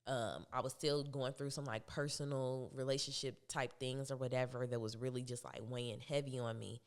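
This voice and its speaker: A young woman speaking as a podcast guest, telling a personal story in a casual, animated way, often laughing and acting out what others said. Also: rumbling low, normal speed. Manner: animated, laughs often, acts out quoted voices.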